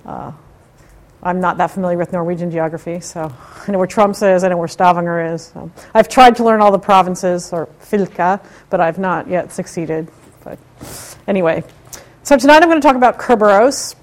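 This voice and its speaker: A woman's voice: on the low side, moderate pace. Chatty woman in her fifties giving a talk. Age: 50s. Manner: chatty and informal, with wry asides and audience questions. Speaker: conference speaker. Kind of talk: live technical talk to an audience.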